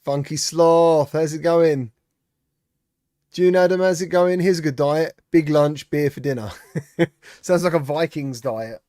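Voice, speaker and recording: In a slightly high, dark-toned voice, a man streamer speaks a little slowly as he chats casually with his audience, reading their comments aloud, responding, and greeting viewers by name. The sound is studio quality with no echo.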